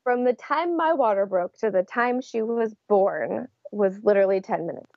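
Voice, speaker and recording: A woman's voice: mid-range voice, lively intonation, normal speed, dry recording, muffled recording. A young adult woman, an interview guest, telling her story in a casual way and laughing often. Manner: laughs often while recounting.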